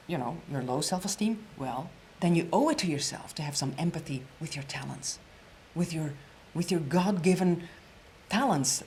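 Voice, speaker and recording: Woman presentation coach, lowish voice, high energy, repeats lines, whispers key points for emphasis. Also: a little mellow, a little hiss or hum. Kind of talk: storytelling workshop lecture.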